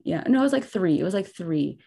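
A woman's voice: lowish voice, fairly quick, vocal fry, breathy edge. A young woman co-hosting a podcast, chatting casually and animatedly with lots of "like". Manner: chatty and animated, heavy use of "like". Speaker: podcast co-host. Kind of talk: casual chat, storytelling.

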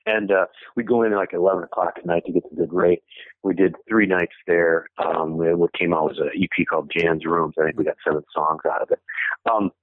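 A man's voice: low voice, little pitch movement, a little fast, no room sound. A man telling stories as an interview guest, rambling with restarts and fillers and chuckling as he goes. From Michigan, USA. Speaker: interview guest, former punk band member. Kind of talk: casual storytelling in an interview. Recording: tinny phone line, dry.

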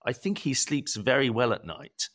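A man's voice: mid-range voice, big pitch swings, moderate pace, a bit bright. A man playing an earnest, hesitant radio producer in a comedy podcast.

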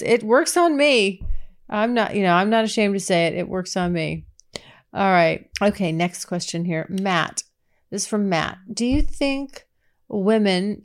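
A woman hosting a podcast, reading listener questions and answering them in a candid, chatty way, with breathy exclamations and frequent restarts. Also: on the low side, darkish tone. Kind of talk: casual chat.

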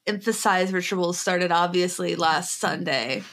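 A woman's voice: fairly low pitch, unhurried. A woman co-hosting a podcast in casual chat, telling stories with lots of laughs and fillers. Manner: giggly, animated storytelling with many fillers. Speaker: podcast co-host.

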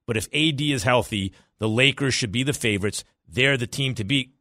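A man hosting a sports talk radio show, arguing his opinions in a fast, animated, self-correcting way. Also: mid-range voice, dry recording, studio quality.

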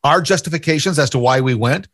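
A man hosting a casual podcast conversation, who repeats his points and drops in quick agreements. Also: a little high, a bit bright. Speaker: podcast host.

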